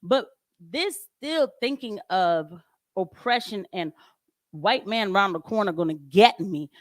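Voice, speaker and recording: Woman streamer, casual commentary, animated and emphatic, dry close home mic, mid pitch. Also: takes it slowly, no echo. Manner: animated, emphatic, laughs often. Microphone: home microphone with audio trouble.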